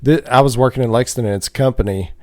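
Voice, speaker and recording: A man's voice: mid-range voice, fast talker, dry recording, studio quality. A man co-hosting a podcast, joking around with loose, profane banter. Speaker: podcast co-host. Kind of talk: casual podcast chat.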